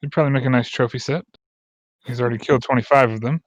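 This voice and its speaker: A man's voice: medium pitch, steady tone, racing, no room sound, close to an everyday voice. A man voicing a sly, wry woman who speaks in a dry, teasing way. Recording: muffled lo-fi mic.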